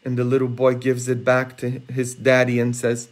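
A man preaching a homily, earnest and emphatic, rising high and intense for rhetorical questions. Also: completely flat delivery, moderate pace. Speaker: priest. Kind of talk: sermon. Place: church, livestreamed.

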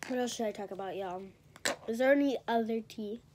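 A woman's voice: on the high side, fairly quick, a little mellow, slight background noise. Chatty teen girl vlogging from bed. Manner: rambling, gossipy, talks while eating. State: congested. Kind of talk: casual chatty vlog.

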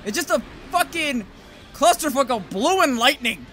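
Excitable profane young man gaming. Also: very high voice, moderate pace, slight background noise. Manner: profane, rambling, yells at monsters. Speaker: gameplay commentator. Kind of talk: solo gameplay commentary.

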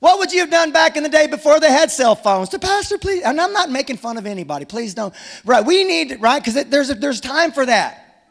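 A man preaches with a strikingly high voice, mixing jokes with firm urging. His sermon rings through a large hall with a long reverb tail. He sounds animated and direct. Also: a little fast, creaky. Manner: animated, humorous, exhorting. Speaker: pastor.

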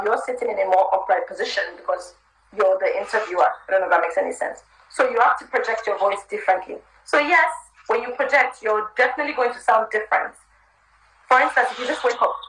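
Bright-voiced woman giving frank advice. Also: on the high side, slight background noise. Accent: American. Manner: candid, chatty, advice-giving. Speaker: guest. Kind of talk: live chat interview. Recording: roomy live stream audio.

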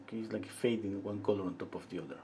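A middle-aged man giving a live painting lesson, thinking aloud as he works, pausing often and chatting with viewers between steps. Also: on the low side, slight background noise. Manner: relaxed, thinking aloud while he paints, with frequent pauses and fillers. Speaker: painting instructor.

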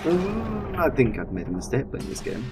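A young man giving chatty, excitable let's-play commentary. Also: fairly high pitch, normal speed, music in the background. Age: young adult. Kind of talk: gameplay commentary. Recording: steady background noise.

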